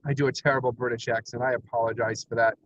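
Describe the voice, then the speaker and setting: A man's voice: mid-range voice, level tone, quick pace, lo-fi sound. A man livestreaming from his parked car, rambling energetically with frequent laughs and self-deprecating asides. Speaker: comic creator livestreaming. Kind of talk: rambling solo livestream chat.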